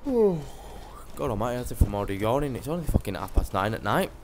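A man's voice: fairly low pitch, animated, rapid-fire, noisy background. A young man giving brash, sweary live commentary as he streams a game.

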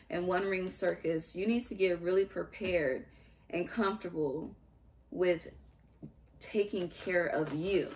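A young adult woman giving a casual tarot reading, musing aloud in halting fragments and restarts. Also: fairly low pitch, slight background noise. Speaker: tarot reader.

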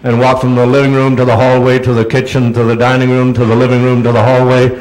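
A man's voice: mid-range voice, completely flat delivery, fast, a little mellow, low-quality recording. A man giving a talk in a large auditorium and answering audience questions. He speaks in a chatty, rambling way and calls audience members "dear.". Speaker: guest speaker.

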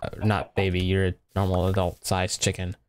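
A man's voice: low-pitched, completely flat delivery, moderate pace, background noise. Laid-back young man narrating gameplay. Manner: laid-back, rambling, talks to himself while playing. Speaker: gaming YouTuber. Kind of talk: casual Minecraft let's play commentary.

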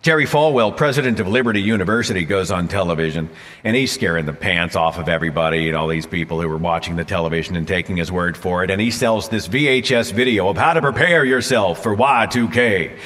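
This man speaks fast in a low register with a fairly bright tone, his Oklahoma accent clear as he addresses a lecture hall as a guest speaker. His live talk is dramatic and forceful, with phrases repeated for effect, and the room's reverb carries through.

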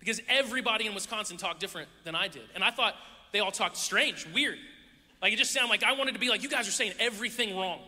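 Bright high-voiced man preaching in a hall. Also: quick pace. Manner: playful storyteller acting out voices. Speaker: youth pastor. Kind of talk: sermon. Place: church hall with audience. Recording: echoey hall.

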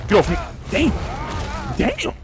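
Man, gameplay commentary, wildly swinging pitch, slow drawn-out delivery, cursing and shouting, game music behind. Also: wildly swooping pitch. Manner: profane, loud exclamations at in-game hits; slangy, laid-back banter between fights. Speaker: gaming channel host.

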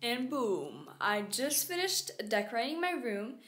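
A teenage girl talks to her viewers from her bedroom in a casual, upbeat way, eager to show off each thing she has. Her voice sits a bit high. The room adds a noticeable echo. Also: very animated, a little slow, a bit bright, a little hiss or hum. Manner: chatty and upbeat, showing off decorations. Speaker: vlogger. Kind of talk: casual vlog narration.

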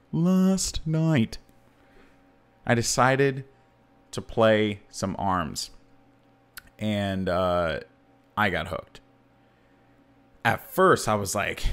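A man in his thirties hosting a podcast, chatting casually and jokily, with his voice leaping up to stress points. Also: fairly low pitch. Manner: animated and jokey, voice leaping up for emphasis. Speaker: podcast host. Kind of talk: casual chat.

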